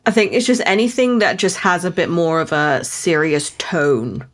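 British woman, lowish voice, dry jokey podcast chat, laughs a lot. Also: moderate pace. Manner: dry, joking, laughs often. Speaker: podcast co-host. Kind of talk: casual book discussion chat.

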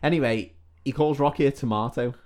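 A man's voice: medium pitch, a little fast, darkish tone. A man co-hosting a podcast, casually retelling film scenes with jokes and swearing. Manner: joking, swearing, recounting scenes. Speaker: podcast co-host. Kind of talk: casual film recap chat.

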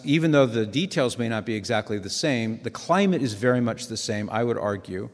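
A man giving a conversational, earnest sermon with digressive asides. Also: medium pitch. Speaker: Catholic preacher. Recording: long hall reverb.

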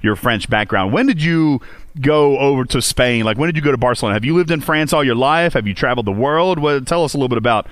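A man's voice: mid-range voice, expressive, fast talker, dry recording. A man hosting a casual podcast for a video game, joking and teasing, laughing often. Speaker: podcast host.

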